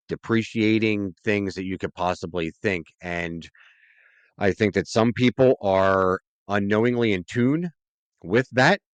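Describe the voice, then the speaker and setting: A man's voice: on the low side, smooth, dry recording. A man, a podcast guest, talking earnestly and at length in a casual interview, often checking in with "right?".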